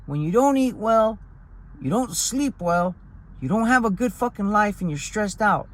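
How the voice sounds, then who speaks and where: A man putting on the voice of his elderly grandfather, asking gentle questions and then scolding bluntly with swearing. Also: sits high, lively intonation, a little slow, voice pushed up, low-quality recording. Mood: gruff scolding.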